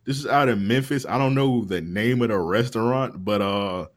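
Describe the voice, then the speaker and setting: A man's voice: on the low side, normal speed. A young man with a Florida accent, hosting a podcast and telling loose, profane stories in casual chat. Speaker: podcast host.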